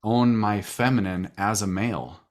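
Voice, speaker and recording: A man speaking in a halting, reflective way in a podcast conversation. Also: lowish voice.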